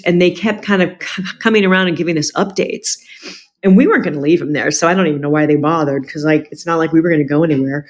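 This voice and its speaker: A middle-aged woman, a podcast guest, telling a personal family story candidly, with quick asides. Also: on the low side.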